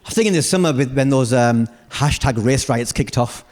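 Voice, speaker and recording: A man around forty with a British accent, performing live stand-up comedy in a theatre in a playful, animated way. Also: brisk. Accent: British English. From United Kingdom. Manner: animated, playful, with sudden jumps in pitch. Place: large theatre stage.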